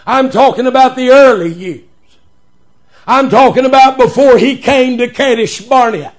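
High-voiced preacher man, shouting cadence. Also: normal speed. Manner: rising to shouted emphasis, folksy preacher cadence. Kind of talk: sermon.

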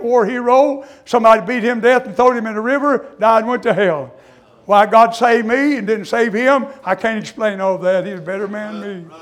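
High-voiced preacher shouting "amen". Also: male voice. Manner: fervent preaching cadence with frequent "uh" and "amen"; swings from hushed confession to shouting. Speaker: preacher giving his testimony. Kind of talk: sermon.

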